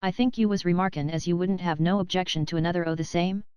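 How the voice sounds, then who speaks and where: A woman's voice: on the low side, steady tone, fast, a little mellow, clear, resonant tone, no echo, lightly acted. Female reader playing a grave elderly coachman with old dialect speech; dry, clean sound. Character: grave elderly male coachman, plain-spoken.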